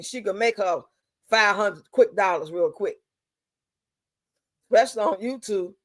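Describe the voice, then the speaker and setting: A woman's voice: on the high side, no room sound. A woman hosting a live stream, chatting casually in a blunt, profane, drawling way.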